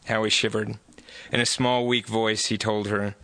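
A man reading his own novel aloud at a live bookstore event in steady narration. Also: lowish voice, normal speed, no echo. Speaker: author reading his book.

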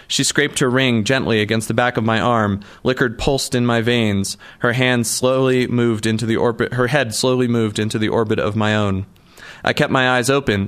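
Man, novel narration, measured storytelling, mid pitch. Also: a bit bright. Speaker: audiobook narrator. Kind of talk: scripted narration.

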